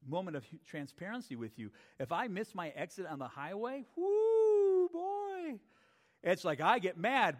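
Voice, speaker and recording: A man preaching as pastor to his church, animated, acting out quotes and putting questions to the congregation. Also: on the high side, big-room sound. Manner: animated, acts out voices and asks the congregation questions. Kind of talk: sermon. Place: church sanctuary.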